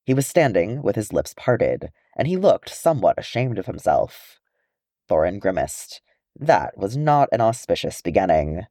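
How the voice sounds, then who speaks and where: A man reading a story aloud with expressive delivery. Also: on the low side, normal speed, no room sound, clean studio sound. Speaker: audiobook narrator. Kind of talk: reading fan fiction aloud.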